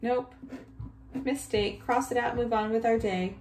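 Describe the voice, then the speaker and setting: A woman teacher giving a recorded reading lesson to young children, reading each line slowly and praising often. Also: on the high side, steady tone, a little mellow. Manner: slow, exaggerated reading aloud with cheerful praise. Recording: echoey room, faint background hum.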